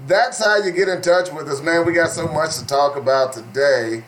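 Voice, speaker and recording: A man hosting a talk radio show in a drawl, his voice sitting somewhat high. He jokes, teases and breaks into laughter as he reads. A faint steady noise runs under the studio mic. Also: normal speed. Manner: joking, laughs often, playful put-on drawl. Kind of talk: casual talk radio banter.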